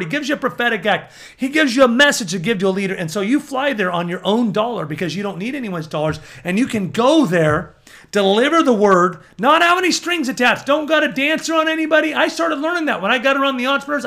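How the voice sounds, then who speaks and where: A man preaching to an audience as a prophetic minister, fervent and building to emphatic near-shouts. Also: sits high, creaky.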